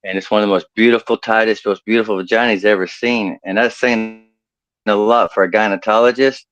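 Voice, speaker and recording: A man's voice: on the low side, fairly even intonation, brisk, fairly bright tone, lo-fi sound. A man doing a crude stand-up comedy set over a video call, laughing at his own jokes.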